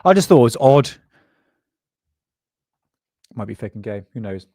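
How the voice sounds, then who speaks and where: A man from England hosts a live UFO show, chatting loosely with viewers and reacting to clips. His mid-range voice is expressive and mellow at a normal speed, and he rambles, laughs, and talks to chat in casual live-stream fashion. The recording is dry and studio quality.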